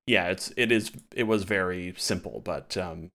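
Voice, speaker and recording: A man's voice: low voice, normal speed, vocal fry, fairly bright tone. A man co-hosting a casual podcast chat, talking loosely and animatedly with many fillers and restarts. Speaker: podcast co-host.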